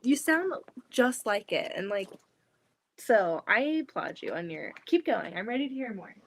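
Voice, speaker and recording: A woman's voice: mid-range voice, big pitch swings, moderate pace, slight background noise. A woman hosting a live sewing stream, chatting casually with a giggly, eager manner. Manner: giggly, eager, lots of fillers. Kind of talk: casual chat. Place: home sewing room.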